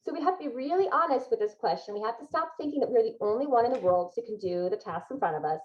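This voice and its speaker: A woman's voice: on the high side, big pitch swings, quick pace, lo-fi sound. A woman guest in a podcast interview giving advice in an upbeat, emphatic way, with frequent laughs.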